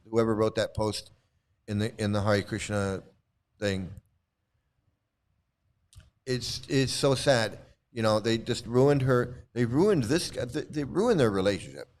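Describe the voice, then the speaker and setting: Commenting casually on a screen post, a middle-aged cult critic who hosts a channel swears freely, rambles, and says things more than once. His voice is mid-range with a somewhat dark tone.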